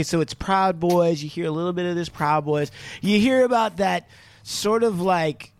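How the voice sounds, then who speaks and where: A man's voice: on the high side, dry recording. A man hosting a podcast, explaining things in a rambling, profane, casual way full of "like" and "you know". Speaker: podcast host. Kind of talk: casual chat.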